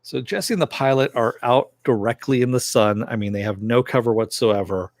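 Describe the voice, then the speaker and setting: A man reviewing TV rambles through an episode recap at a moderate pace, his voice a little mellow with no room sound. Fillers abound, and he lifts his pitch to quote the characters.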